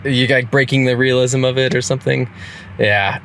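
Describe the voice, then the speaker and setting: A man's voice: mid-range voice, steady tone, moderate pace, fairly bright tone, slight background noise. Rambling male podcast co-host. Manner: rambling, restarts, frequent laughs. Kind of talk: casual movie review chat.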